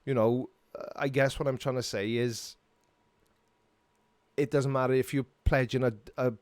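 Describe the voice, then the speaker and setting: A man's voice: mid-range voice, fairly even intonation, normal speed, clean tone, no room sound. A middle-aged Welsh man hosting a casual live-stream Q&A, reading viewer comments and answering them in a chatty, self-mocking way. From Wales.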